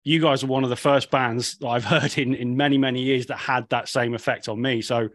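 A man's voice: mid-range voice, fairly even intonation, brisk, fairly bright tone, no room sound, clean studio sound. A man hosting a podcast interview, chatty and enthusiastic with his guest. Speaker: podcast host. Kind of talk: casual interview chat.

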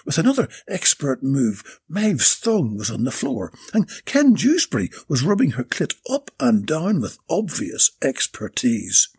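Gravelly man narrating a comic story. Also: mid-range voice, wildly swooping pitch, unhurried, few pauses, darkish tone.

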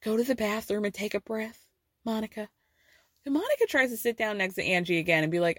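A woman's voice: medium pitch, no room sound. Chatty woman retelling drama, dry sound. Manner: acts out quotes in varied voices, fast and chatty. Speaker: podcast host recapping reality TV. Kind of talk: casual recap storytelling.

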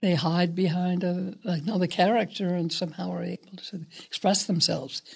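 An older woman, a guest actress, telling stories in an interview in a reflective, unhurried, somewhat hesitant way. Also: fairly low pitch, fairly even intonation, vocal fry, a little mellow, slightly rough. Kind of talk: interview storytelling.

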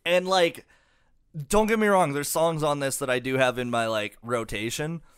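A man's voice: medium pitch, normal speed, a bit bright, smooth, no room sound, clean studio sound. A young man co-hosting a casual album review podcast, swearing a lot and rambling with fillers. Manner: profane, rambling, lots of fillers. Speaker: podcast co-host.

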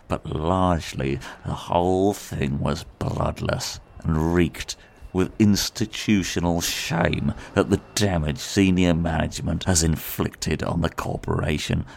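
An actor playing a blunt, hostile station worker. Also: male voice, rumbling low, vocal fry, a little hiss or hum, exaggerated voice. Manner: blunt, hostile, calls people mate. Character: gruff male station worker.

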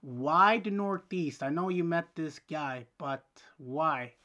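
A man interviewing a guest, asking questions slowly and hesitantly. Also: a little high, pushed and bright.

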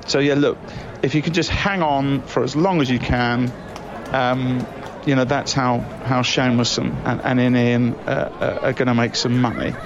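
A man's voice: medium pitch, steady tone, moderate pace, muffled recording, noisy background. Breezy, chummy man leaving voice notes. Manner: chummy and breezy, saying mate a lot. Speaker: comedy podcast co-host. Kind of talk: improvised comic voice-message monologue.

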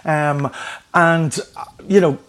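A middle-aged man telling his life story candidly in an interview, animated and swearing freely. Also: on the high side, takes it slowly. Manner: animated, swears freely, acts out voices in anecdotes. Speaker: guest.

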